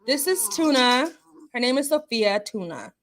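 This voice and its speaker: A young adult woman hosting a casual livestream, chatting and answering viewers with emphatic, animated remarks. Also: high-pitched, moderate pace. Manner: chatty, emphatic, laughs often. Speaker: livestream host.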